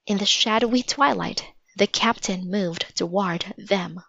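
Woman reading a kids' story, slow and steady, dry dull lo-fi sound. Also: mid-range voice, vocal fry, no room sound. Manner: steady, measured narration. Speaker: storybook reader. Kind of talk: children's book read-aloud. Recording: dull lo-fi recording.

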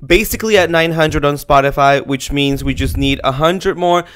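A man co-hosting a podcast, talking in an emphatic, campy, expressive way. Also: a little high, normal speed, smooth. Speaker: podcast co-host. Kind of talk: casual chat.

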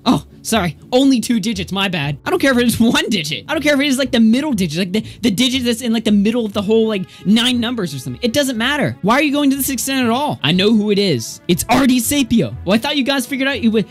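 A man's voice: lively intonation, very fast, few pauses, soft background music. A man streaming commentary, reading out chat screenshots in a sarcastic, incredulous way. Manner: sarcastic, incredulous, rants rising in pitch.

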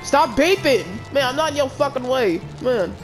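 A woman commentating her gameplay in a brash, loud, cussing way, constantly talking back at the characters on screen. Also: sits high, fairly quick, music in the background. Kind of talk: let's play commentary.

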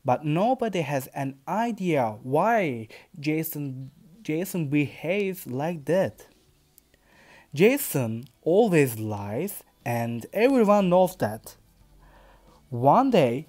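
A man with a Turkish accent, a podcast host, reads his own story aloud carefully and deliberately for English learners, now and then correcting himself. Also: on the high side, sing-song, a little mellow. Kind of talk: slow read-aloud narration for English learners.

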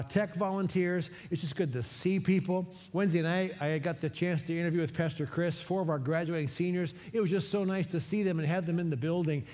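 A middle-aged man preaching a sermon for an online church service, energetic and leading call-and-response. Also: high voice. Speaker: pastor. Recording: long hall reverb.

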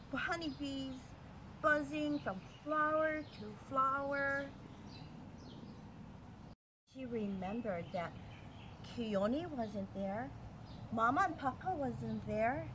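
A woman telling a story to a child, animated, acting out voices and sound effects. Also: sits high. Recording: noisy home recording.

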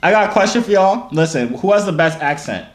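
A man's voice: high-pitched, expressive, fairly quick, faint music behind. A man, joking and flirting with strangers on a video chat. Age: 30s. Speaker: host. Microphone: phone or webcam. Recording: echoey room, faint noise.

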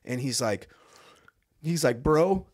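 A young adult man telling his story as a podcast guest, animated, acting out other people's lines and laughing often. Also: medium pitch, moderate pace. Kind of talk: casual storytelling.

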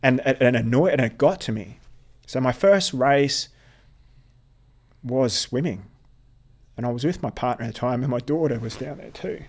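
A man from Australia, a podcast guest telling a personal story in a halting way, often repeating words. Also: medium pitch, creaky, a little mellow.

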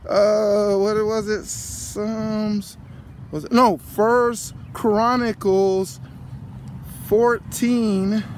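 A man's voice: sits high, a little hiss or hum. A man preaching casually while walking by a pond, rambling and repeating phrases, recorded on a handheld phone. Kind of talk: outdoor walking vlog sermon. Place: outdoors by a pond.

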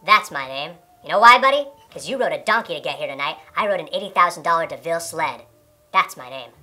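A woman's voice: mid-range voice, bright, forceful tone. A woman playing a brash, abusive male sales boss from the North Pole in an amateur comedy parody, swaggering and berating.

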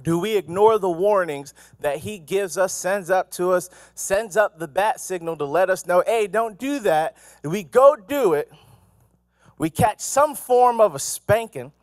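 A male pastor giving an animated, conversational sermon, full of asides and questions to the congregation. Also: high voice, measured pace, no room sound, studio quality. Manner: animated, conversational preaching with asides and acted quotes. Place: church.

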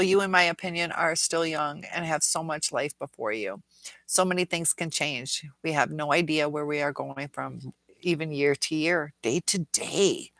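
A woman's voice: deep voice, fairly bright tone, no room sound, poor audio. A middle-aged woman hosting a casual viewer Q&A livestream, earnest and rambling, reading comments aloud.

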